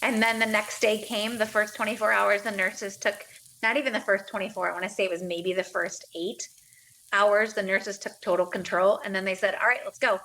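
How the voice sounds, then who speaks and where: A woman in her thirties tells her own story as a podcast guest. She speaks plainly and earnestly, voicing the people she talked to along the way. Her voice sits in a middle pitch. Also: level tone, fairly quick, fairly bright tone, low-quality recording. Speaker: guest, mother of two. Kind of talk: personal story in a podcast interview.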